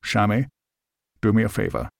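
A man doing a curt, firm older gentleman. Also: lowish voice, moderate pace, creaky, dry recording, studio quality. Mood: gruff. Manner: clipped, brusque.

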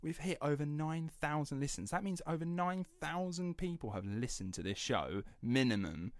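A man co-hosting a podcast, chatting casually and excitably, with rambling restarts. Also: on the high side, moderate pace. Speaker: podcast co-host. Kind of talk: casual chat.

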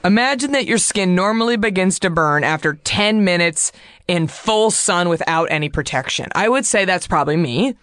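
A woman's voice: on the low side, animated, moderate pace, a bit bright, no echo, studio quality. A woman hosting a casual chat, brash and jokey, swearing freely. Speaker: podcast host.

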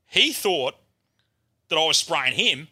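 Australian man, podcast guest, bright edgy tone, loose swear-heavy storyteller. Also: fairly high pitch, very animated, slow pace, husky, no room sound, clean studio sound. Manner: swears freely, rambling yarn-telling. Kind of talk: casual storytelling chat.

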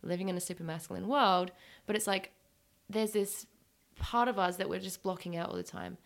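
A woman guest who facilitates workshops for women explains her approach earnestly, in a teaching tone. She talks quickly, with a gravelly, creaky edge on her voice. Her delivery is full of casual fillers. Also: lowish voice. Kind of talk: explanatory conversation.

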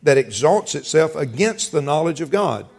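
A man's voice: a little high, big pitch swings, normal speed, vocal fry. A middle-aged man, a pastor, preaching a sermon in a folksy storytelling way, laughing and quoting conversations as he goes.

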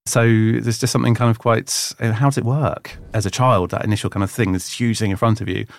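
A man's voice: fairly low pitch, steady tone, fast talker, gravelly, dry recording. A man who lectures in history, answering interview questions in a thoughtful, explanatory way.

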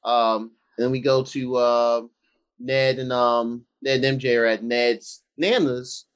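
A man in casual conversation, excitedly retelling a movie scene by scene and acting out the characters. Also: medium pitch, measured pace, clear, resonant tone. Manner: animated retelling, acts out scenes in voices. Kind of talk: casual movie recap chat.

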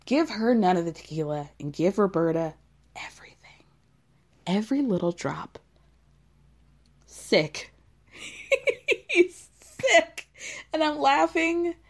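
A woman giving casual, animated commentary on a reality show, sassy and quick to exclaim. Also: mid-range voice. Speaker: reality TV recap host.

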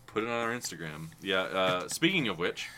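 A man's voice: low-pitched, big pitch swings, fairly quick, bright, forceful tone, a little hiss or hum. A man co-hosting a casual podcast, teasing his friend and laughing often. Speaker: podcast co-host.

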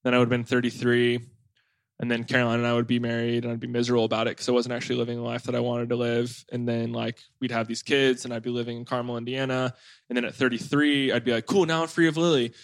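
A man's voice: mid-range voice, fast, vocal fry, clear, resonant tone, dry recording. Young guy podcast host rambling to his mom, tons of "like"s, mid voice, super dry close mic. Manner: rambling, heavy on "like" fillers, animated storytelling. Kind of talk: casual family chat.

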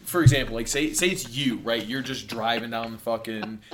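A man, chatting casually as a podcast co-host, swearing a lot and telling animated stories. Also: mid-range voice, moderate pace, a little hiss or hum. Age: 20s. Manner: swears a lot, animated storytelling with loud put-on shouts. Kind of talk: casual chat.

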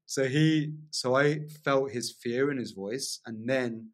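A man guesting on a podcast, spinning a vivid personal story with excitable energy. His voice sits in an ordinary middle pitch, and he talks loosely, laughing along the way and peppering sentences with "like.". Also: slow pace. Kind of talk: storytelling in casual conversation.

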